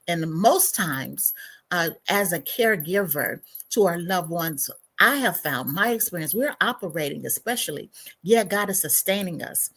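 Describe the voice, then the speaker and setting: A woman hosting a livestream as a counselor, speaking in an unhurried, reflective way with soft drops in volume and sighs. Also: lowish voice, husky. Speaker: counselor and show host. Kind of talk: spiritual livestream talk.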